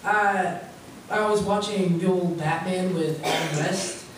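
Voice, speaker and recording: A teenage boy tells rambling stand-up stories, often stopping and starting again mid-sentence. He is recorded from far off, and the hall echoes heavily around him. Steady noise sits under his voice. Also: high-pitched, slow pace. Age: teens. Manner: rambling storytelling with many restarts. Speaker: stand-up comedian. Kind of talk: stand-up set. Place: stage in a hall with an audience.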